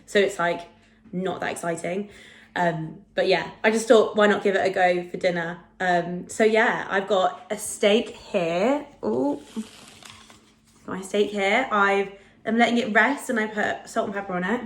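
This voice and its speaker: A food vlogger in her twenties speaks a little slowly at medium pitch in an echoey home room. Her casual chat to camera is peppered with fillers and self-deprecating remarks.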